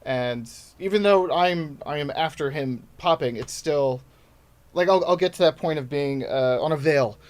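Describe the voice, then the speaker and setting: A stand-up comedian in his thirties chats loosely on a podcast. He talks in a rambling, self-deprecating way. His voice sits a little higher than most men's. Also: moderate pace, darkish tone. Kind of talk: casual podcast chat.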